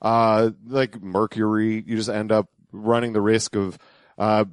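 A man's voice: fairly low pitch, level tone, measured pace, clear, resonant tone, no echo. A man co-hosting a podcast, talking casually about radio clips with lots of fillers and restarts. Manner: hesitant, many fillers and restarts. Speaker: podcast co-host.

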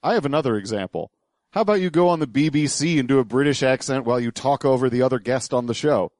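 A man's voice: medium pitch, fast talker, darkish tone, no room sound, studio quality. A man hosting a podcast, explaining clips in a digressive, hesitant way. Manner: digressive, hesitant, lots of uhs and restarts. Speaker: podcast host. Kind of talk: casual podcast commentary.

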